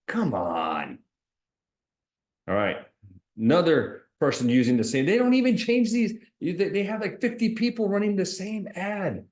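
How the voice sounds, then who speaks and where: A man working as an insurance agent who talks straight to his viewers, animated and sarcastic, explaining while he shares his screen. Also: high-pitched, moderate pace, reverberant.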